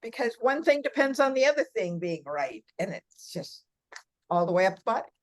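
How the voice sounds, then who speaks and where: A woman's voice: fairly high pitch, sing-song, normal speed. An older woman talking as a podcast guest about massage work for seniors, chatty and laughing often as she tells stories. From California. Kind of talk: casual interview chat.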